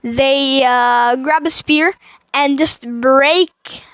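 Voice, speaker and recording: A woman's voice: high-pitched, steady tone, very slow, a bit bright, no echo, highs cut off. A woman casually retelling a movie plot, rambling with fillers and restarts.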